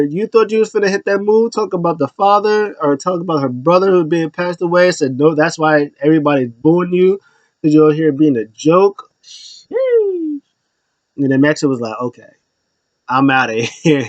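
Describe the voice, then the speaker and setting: A man talking through a casual recap in an animated, rambling way, full of fillers and little laughs. His voice sits a bit high, and he keeps switching into quick impressions as he retells what happened. The sound is dry and close to the mic. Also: no room sound. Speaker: wrestling recap host.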